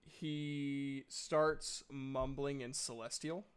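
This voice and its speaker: A man narrating a tabletop game as game master in a relaxed, chatty way. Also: mid-range voice, extremely slow, clear, resonant tone.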